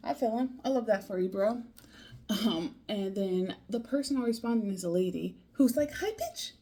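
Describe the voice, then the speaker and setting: A woman's voice: medium pitch, animated, normal speed, mellow, husky. A woman learning a language, talking it over casually in a video diary, thinking aloud in a loose, rambling way.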